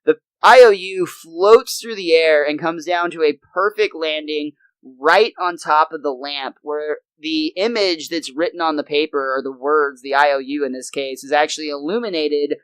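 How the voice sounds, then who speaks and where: A man's voice: a little high, moderate pace, hardly any pauses, fairly bright tone, no room sound, poor audio. A young man co-hosting a podcast, enthusiastically recapping a cartoon episode in a casual, chatty way. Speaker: podcast co-host.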